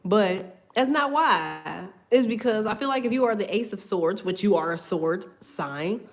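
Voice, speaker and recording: A woman's voice: mid-range voice, animated, a little slow. Laughing, profane tarot reader woman. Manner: loose, profane, laughs often, goes off on tangents. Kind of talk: casual tarot reading chat.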